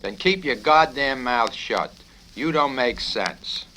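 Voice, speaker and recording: A man's voice: mid-range voice, lively intonation, takes it slowly, sharp tone, voice pushed up. A man reading aloud, voicing a bullying army colonel who bellows and curses, on a crackly vinyl record. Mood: furious. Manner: bellowing, profane, repetitive.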